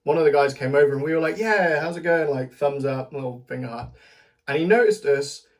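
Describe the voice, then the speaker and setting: A British man talks his way through a casual recap, rambling and chatty. He laughs between thoughts and trips over the start of his sentences. His voice sits at an ordinary middle pitch for a man. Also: brisk, darkish tone. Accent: British English. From Britain. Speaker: vlogger. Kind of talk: casual spoken festival recap.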